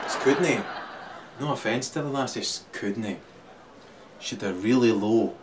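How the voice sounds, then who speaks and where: A man with a Scottish accent in a rambling, crude monologue who keeps laughing as he talks. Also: on the low side. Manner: crude, laughs through his talk, swings loud and quiet. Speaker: vlogger. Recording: distant mic, loud crowd and noise.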